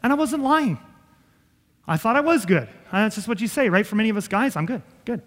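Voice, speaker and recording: A man's voice: high-pitched, lively intonation, a little fast, fairly bright tone, in a large hall. A man preaching a sermon as pastor, earnest and conversational, with self-deprecating asides.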